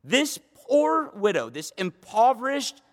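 A man preaching from the pulpit, his fairly high voice rising into emphatic, passionate runs before dropping back into easy conversational asides. His delivery is a midweek church sermon, and the sound carries a long hall reverb. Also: big pitch swings, slow pace. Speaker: pastor.

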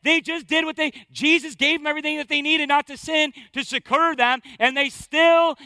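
A man's voice: very high voice, fairly even intonation, moderate pace, dry recording, voice pushed up, heavily acted. A man putting on a cackling, mocking accuser spirit. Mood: gloating. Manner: cackling, shouting taunts. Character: gloating accuser spirit, male, mocking and cruel.

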